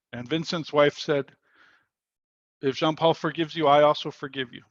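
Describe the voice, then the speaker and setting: A man's voice: on the high side, fairly bright tone, no echo, dull audio. A man leading a spiritual workshop over a video call, telling a story earnestly and quoting the people in it. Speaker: workshop leader.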